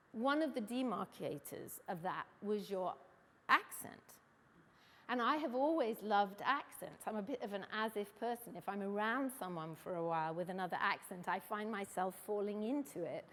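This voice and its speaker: A middle-aged English woman from England telling a personal story on stage in a reflective, wry, measured way. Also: mid-range voice, lively intonation, fairly bright tone, long reverb tail. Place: stage event.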